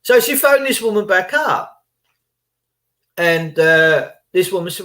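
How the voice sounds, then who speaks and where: A man talks casually to his viewers, rambling and retelling phone calls in reported speech. His voice sits a little high for a man. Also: very animated, normal speed, bright, forceful tone. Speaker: channel host. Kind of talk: casual chat.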